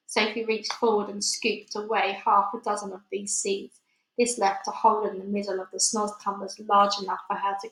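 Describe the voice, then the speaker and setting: A woman reads a storybook aloud at a medium pitch, steady and expressive, with a few small slips. The reading carries a clear room echo. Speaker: reader. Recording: echoey room.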